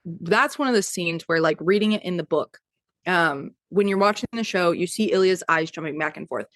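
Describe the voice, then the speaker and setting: A woman's voice: fairly low pitch, normal speed. A woman co-hosting a podcast, chatting casually and enthusiastically with lots of filler words. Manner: gushing and enthusiastic, many "like" fillers. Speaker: podcast co-host discussing a TV adaptation. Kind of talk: casual chat.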